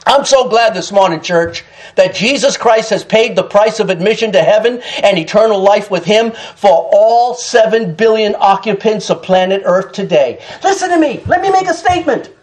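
A pastor preaching an impassioned sermon to his church, shouting at some points and laughing between phrases. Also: high-pitched, lively intonation, moderate pace, poor audio.

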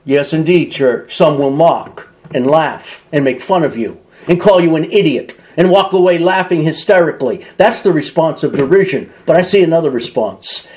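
A man's voice: a little high, lively intonation, moderate pace, hardly any pauses, a little mellow. A man preaching a sermon, reading scripture aloud and acting out the mockers' voices with feeling. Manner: impassioned preaching with dramatic reading and mock voices. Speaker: pastor.

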